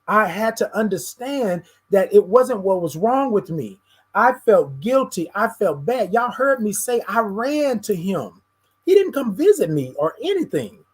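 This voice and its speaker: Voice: mid-range voice, sing-song, unhurried, slightly rough. A show host giving a candid personal monologue, speaking straight to the audience as y'all and often stuttering over repeated words.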